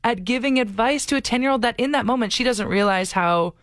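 A woman's voice: on the high side, fairly quick, dry recording, studio quality. A young adult woman co-hosting a radio show, chatting casually and effusively, laughing often. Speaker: radio co-host.

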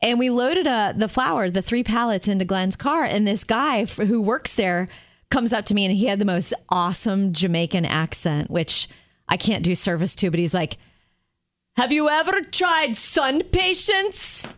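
A woman's voice: mid-range voice, moderate pace, dry recording, clean studio sound. Chatty middle-aged woman radio co-host. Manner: chatty storyteller, acts out quoted voices. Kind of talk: casual morning radio chat.

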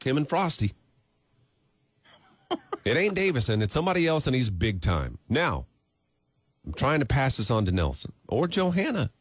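A man's voice: medium pitch, normal speed, long pauses, husky, dry recording. A man hosting a radio morning show, joking and bantering with his co-hosts in the studio. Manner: lively, joking, trails off and restarts.

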